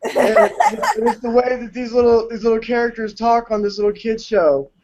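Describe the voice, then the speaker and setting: A man's voice: very high voice, steady tone, fairly quick, darkish tone. A man in his thirties from the United States, animatedly telling anecdotes and putting on voices during a casual online call. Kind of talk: casual storytelling chat. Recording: dull lo-fi call audio.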